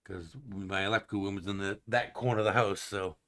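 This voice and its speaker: A man in casual chat who talks in a rambling, halting way, full of fillers and the odd curse word. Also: sits low, steady tone, fairly bright tone.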